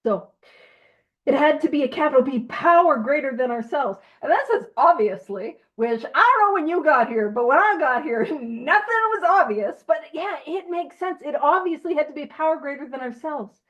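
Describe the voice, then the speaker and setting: A woman's voice: high voice, expressive, moderate pace, fairly bright tone, lo-fi sound. A woman leading a recovery study group in a casual teaching talk, chatty and self-deprecating, laughing often as she goes.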